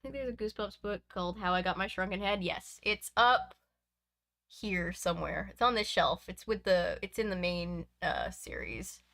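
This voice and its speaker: A woman from Canada reading a children's book aloud in a lively, expressive way, with chatty asides between passages. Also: medium pitch, normal speed. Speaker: reader and streamer. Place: home room with bookshelves.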